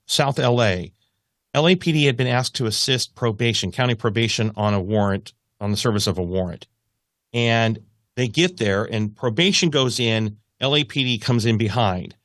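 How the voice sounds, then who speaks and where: A man's voice: medium pitch, no room sound. Man telling a story in a dry close sound. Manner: animated, acts out quoted voices. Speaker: news reporter, guest. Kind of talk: conversational storytelling.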